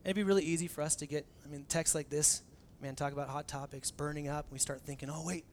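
A young adult man preaching a sermon as pastor in a conversational, animated way, acting out the dialogue he quotes. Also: on the high side, quick pace, slight background noise.

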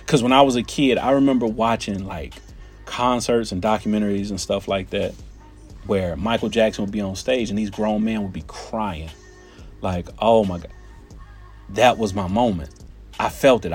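A man telling a personal story in an animated, conversational way, often turning to his listeners with "right?" and "y'all". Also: fairly low pitch, normal speed, faint music behind.

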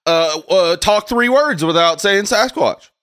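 Playful, lively podcast host man. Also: sits high, clean tone, no room sound, clean studio sound. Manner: laughing, playful, fast promos. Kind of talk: casual chat.

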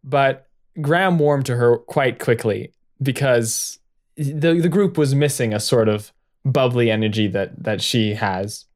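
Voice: medium pitch, unhurried. A co-host narrating an improvised story, playful and jokey, often breaking into laughter.

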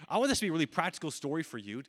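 A young man with a slightly high voice preaches to a congregation, telling his story in a relaxed, joking manner. The sound rings with a long reverb from a large hall. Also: rapid-fire. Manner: casual, joking, animated storytelling. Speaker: guest speaker. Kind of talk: sermon storytelling.

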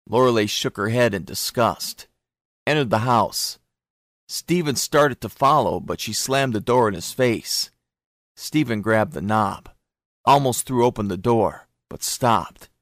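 A man narrating an audiobook in a steady, even storytelling manner. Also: on the low side, a little slow, no room sound, studio quality.

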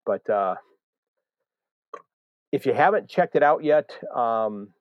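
A man's voice: mid-range voice, expressive, takes it slowly, no room sound, muffled recording. An American man hosting a live podcast, talking in a rambling way with many fillers and restarts. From United States. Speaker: podcast host.

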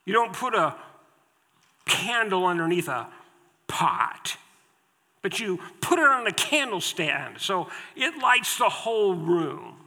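A man's voice: high voice, very animated, takes it slowly, pushed and bright. A man preaching a sermon from the pulpit, emphatic and repeating his key phrases. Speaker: pastor. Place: church sanctuary at the pulpit. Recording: long hall reverb in a church.

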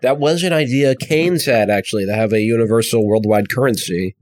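An American man trading loose, rambling banter on a podcast. His voice sits at an ordinary middle pitch, and the sound is close and dry, with no room around it. He swears casually and pokes fun at himself. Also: fairly quick, a little mellow, no room sound. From United States. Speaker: podcast co-host. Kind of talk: casual comedic chat.

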